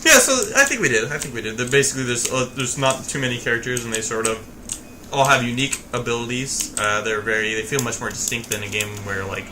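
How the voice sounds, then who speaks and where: A man's voice: medium pitch, fast, background noise. A young man co-hosting a casual gameplay commentary, joking and sarcastic as he talks. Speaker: co-host.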